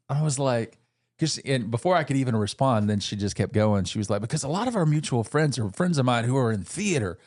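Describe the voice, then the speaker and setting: A man's voice: medium pitch, animated, a little fast, a little mellow. A man co-hosting a podcast, telling stories in casual chat, acting out the voices he quotes and laughing often. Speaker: podcast co-host.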